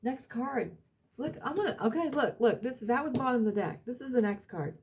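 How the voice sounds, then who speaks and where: A woman's voice: a little high, expressive, a little fast, darkish tone. A woman reading tarot cards for her audience, emphatic and blunt, repeating herself and swearing now and then. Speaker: tarot reader.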